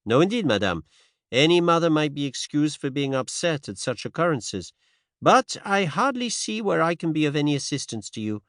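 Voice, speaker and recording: A precise, fastidious older Belgian detective, put on by a male audiobook reader, speaks in a raised, lilting voice with French words tucked in. His tone is courteous and exact. The recording is close and dry. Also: on the high side, big pitch swings, a bit bright, dry recording, pitched above the performer's own voice. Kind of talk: audiobook character voice.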